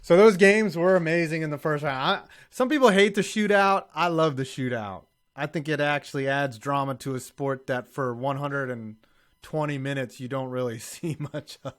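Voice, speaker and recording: A man's voice: fairly high pitch, moderate pace. Profane, ranting sports show host, a man. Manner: profane, ranting hot takes. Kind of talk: casual live-stream banter.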